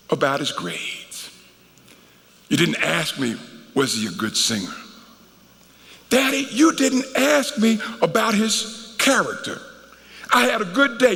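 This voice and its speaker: A man preaching as he acts out his teenage daughter scolding her father with indignant, rapid-fire questions. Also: medium pitch, gravelly, fairly bright tone, voice pushed down, exaggerated voice. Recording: reverberant hall.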